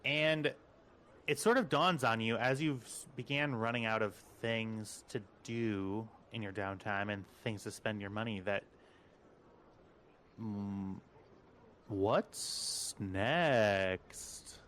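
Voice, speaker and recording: A man acting as game master, chatting casually and telling rambling, animated stories before narrating the game. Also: measured pace. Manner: animated rambling storyteller, squeaky high voice for quotes.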